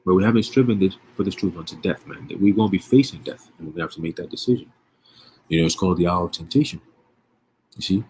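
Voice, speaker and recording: A man's voice: low voice, fast, darkish tone, husky. A man giving casual, profane religious commentary, streetwise and emphatic, with frequent rhetorical questions. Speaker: online preacher.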